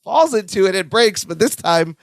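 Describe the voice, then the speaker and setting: A man's voice: high-pitched, lively intonation, moderate pace, dry recording, clean studio sound. A man co-hosting a podcast, retelling sitcom scenes in casual chat and acting out the characters' lines. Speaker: podcast co-host.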